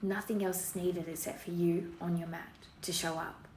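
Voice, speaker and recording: A woman leading a yoga flow in a playful put-on Australian accent, her lowish voice carrying a gravelly edge. She cues each move in a relaxed, encouraging way full of slang, and the room gives her a roomy echo over a faint hiss. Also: moderate pace. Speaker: yoga teacher. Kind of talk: guided yoga class instruction.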